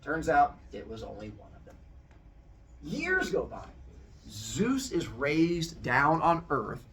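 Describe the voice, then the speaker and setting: A man hosting a podcast, telling a myth as an animated, jokey comic story. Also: fairly high pitch, slow pace, distant mic, slight background noise. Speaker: podcast host.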